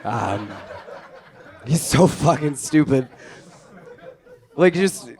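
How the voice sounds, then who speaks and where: A young man doing stand-up, telling a story with dry, offhand delivery that drops low and quiet on the punchlines. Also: animated, drawn-out words. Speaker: stand-up comedian.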